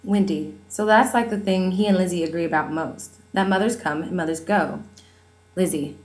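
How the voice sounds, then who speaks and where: A woman's voice: fairly low pitch, normal speed, a little mellow, low-quality recording. A woman reading a first-person novel aloud in a wry, conversational storytelling manner. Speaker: audiobook narrator.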